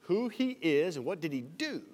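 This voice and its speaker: Emphatic preaching man, lively pitch. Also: normal speed. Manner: emphatic preaching with shifting dynamics. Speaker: senior pastor. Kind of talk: sermon. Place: church sanctuary. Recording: reverberant church hall.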